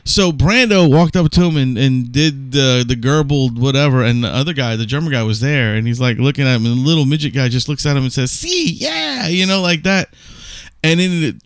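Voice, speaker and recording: A man's voice: medium pitch, quick pace, hardly any pauses, clear, resonant tone, no room sound. A man co-hosting a podcast, telling a long rambling story in casual chat with some swearing. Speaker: podcast co-host.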